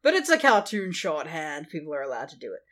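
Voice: medium pitch, huge pitch swings, fast talker, fairly bright tone. A podcast co-host in a casual movie review chat, blunt and sweary, laughing often.

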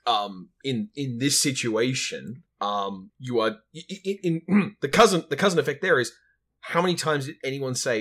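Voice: mid-range voice, moderate pace, a bit bright. Hesitant, dry-humored podcast co-host. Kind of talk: casual movie review chat.

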